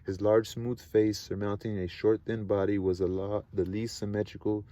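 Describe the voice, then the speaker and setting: Amateur male reader, deep and monotone, mellow timbre, casual with restarts. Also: no echo. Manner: halting reading with restarts and stumbles; chatty asides between passages. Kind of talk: casual read-aloud of a novel.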